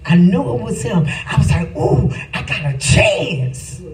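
A middle-aged woman preaching a personal testimony, slow and emphatic, rising at times to shouts. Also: mid-range voice, very animated. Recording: roomy, distant mic, faint ambience.

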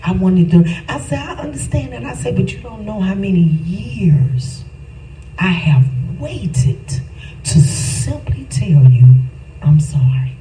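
A middle-aged woman preaching a personal testimony, slow and emphatic, rising at times to shouts. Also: fairly low pitch, sing-song, a little hiss or hum. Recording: roomy, distant mic, faint ambience.

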